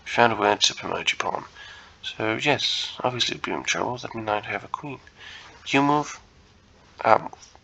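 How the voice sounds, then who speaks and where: A man's voice: fairly low pitch, animated, moderate pace, vocal fry, bright, forceful tone, a little hiss or hum, poor audio. A man giving casual think-aloud commentary while solving puzzles, muttering to himself, hesitant and self-correcting. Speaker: chess content creator.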